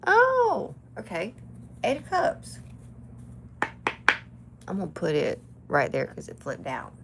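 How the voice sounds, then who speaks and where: A woman's voice: deep voice, measured pace, vocal fry, very noisy. A woman telling a chatty story to her live viewers during a tarot reading. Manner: chatty, animated, talks to live chat. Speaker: tarot reader.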